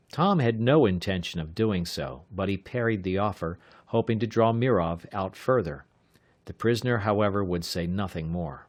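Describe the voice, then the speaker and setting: A man narrating an adventure audiobook in a measured, steady reading. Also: sits low, dry recording. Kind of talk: scripted narration.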